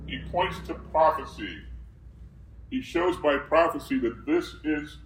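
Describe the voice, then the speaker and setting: Slow, questioning male preacher. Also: mid-range voice, fairly bright tone, poor audio. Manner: asks the congregation questions and answers them himself; reads scripture aloud with emphasis. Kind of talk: sermon.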